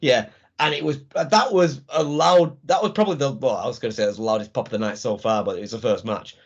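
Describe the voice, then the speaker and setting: A man's voice: medium pitch, fast talker. A man co-hosting a wrestling podcast, talking enthusiastically and laughing as he retells the show. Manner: enthusiastic, laughing, acts out crowd reactions. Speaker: podcast co-host. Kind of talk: casual chat. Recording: dull lo-fi sound.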